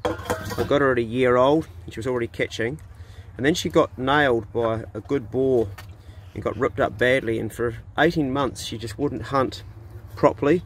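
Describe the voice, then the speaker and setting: This is a casual farm vlog from a middle-aged New Zealand man who hunts pigs, recorded outdoors beside his dog kennels. He chats in a relaxed way and coaxes his dogs affectionately, at medium pitch and normal speed, with slight background noise.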